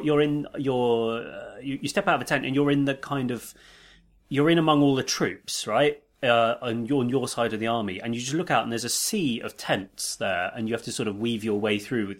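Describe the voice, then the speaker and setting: A man of middle pitch telling anecdotes on a podcast. He is chatty and often tags his sentences with a quick "right?". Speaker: podcast co-host. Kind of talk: casual chat, storytelling.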